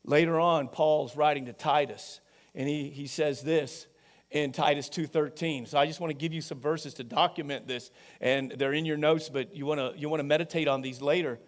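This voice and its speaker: A male pastor preaching a sermon, emphatic, asking the congregation questions and swinging between loud peaks and quiet low passages. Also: fairly even intonation, moderate pace.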